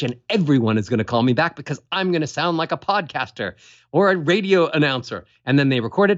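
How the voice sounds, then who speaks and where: A man's voice: a little high, animated, fast, muffled recording. A man speaking as a voice coach guest in an interview, demonstrating voices and melodies as he explains. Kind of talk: animated interview talk.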